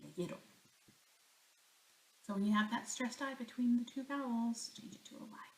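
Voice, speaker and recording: A woman's voice: on the high side, moderate pace. A woman teaching a Spanish grammar lesson, talking herself through each example and answering her own questions. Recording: echoey room.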